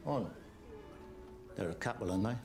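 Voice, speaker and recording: A male dictator in a film who gives orders in a casual, offhand way. His intonation is lively, with faint music underneath. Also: lowish voice, moderate pace.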